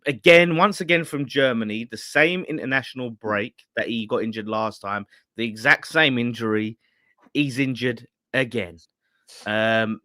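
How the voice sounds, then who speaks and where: A man hosting a casual football fan show over a pint, talking in a lively way and laughing often. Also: medium pitch, moderate pace, no echo, clean studio sound. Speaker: fan channel host. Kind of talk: casual pub-style football chat.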